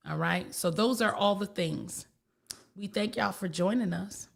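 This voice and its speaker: A woman's voice: on the low side, unhurried, gravelly. A woman spiritual teacher, talking casually in a blunt, folksy way and repeating herself for emphasis. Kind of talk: casual talk.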